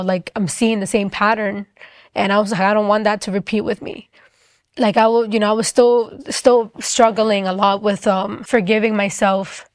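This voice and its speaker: A woman's voice: mid-range voice, no room sound. Young woman, earnest personal testimony, filler-heavy, dry close sound. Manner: earnest, emotional, frequent "like" fillers. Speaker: testimony speaker.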